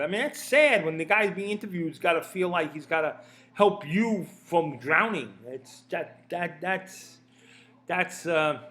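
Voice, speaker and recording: A man's voice: high voice, fairly bright tone. A man giving a casual opinion rant, rambling and profane, often stammering and repeating words. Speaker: commentator.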